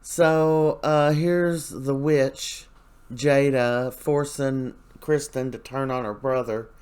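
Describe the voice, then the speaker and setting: A man's voice: medium pitch, steady tone, slow, darkish tone, clear, resonant tone. A man casually recapping a soap opera episode, chatty and rambling, with many fillers and lines quoted from the characters.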